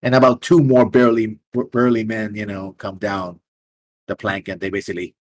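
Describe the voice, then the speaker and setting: A man's voice: on the low side, flat delivery, normal speed, dry recording. A man narrating as a tabletop game master in a casual way, with many fillers.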